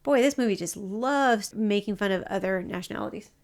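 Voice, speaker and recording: A woman co-hosting a podcast, sarcastic and quick to argue. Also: medium pitch. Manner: sarcastic, argumentative. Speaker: podcast co-host. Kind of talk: casual chat.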